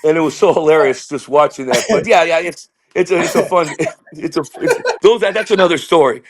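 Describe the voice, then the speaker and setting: A man, a comedian guest, telling rambling animated stories in casual talk over a video call. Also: on the high side, fairly quick, crowd noise. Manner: rambling, animated, slips into impressions. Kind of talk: casual interview storytelling.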